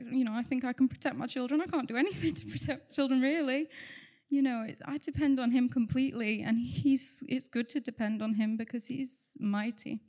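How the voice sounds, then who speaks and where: A woman's voice: high-pitched, warm tone. A woman giving an earnest, chatty personal testimony at church, with light laughter. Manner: chatty, fills silences with talk. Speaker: church member sharing testimony.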